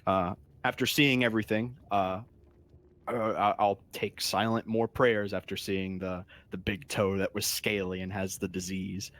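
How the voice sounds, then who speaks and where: A man taking his turn in a tabletop game, talking through what his character does and reads. He hesitates often and fills gaps with uh. His voice sits low. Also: level tone, fairly bright tone. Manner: halting, in-character description with fillers. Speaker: player.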